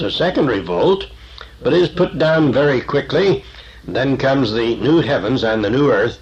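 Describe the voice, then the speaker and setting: A man giving a sermon-style Bible lesson, teaching plainly and unhurriedly with frequent pauses on "uh". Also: fairly low pitch. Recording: dull lo-fi old recording with faint hiss.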